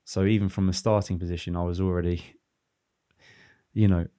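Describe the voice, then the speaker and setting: A man in his thirties, a former footballer, talking through his career in a relaxed, reflective podcast chat with many restarts. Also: deep voice, fairly quick, dry recording, clean studio sound. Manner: reflective, rambling with restarts and fillers. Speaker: former professional footballer, guest. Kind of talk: casual podcast conversation.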